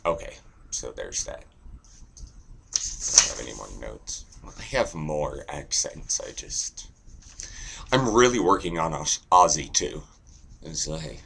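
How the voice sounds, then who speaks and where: A man's voice: very deep voice, sing-song, slow pace, gravelly, long pauses, a bit bright, husky. An American man rambling through accent impressions, self-mocking and losing his notes. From United States. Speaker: amateur comedian doing accent bits.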